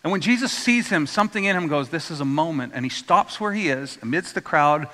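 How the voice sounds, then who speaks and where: A man preaches a storytelling sermon, his bright voice sitting a little high. He acts out the voices in the stories and asks the congregation to repeat words after him. The sound carries a long hall reverb. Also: expressive, fairly quick. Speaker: pastor.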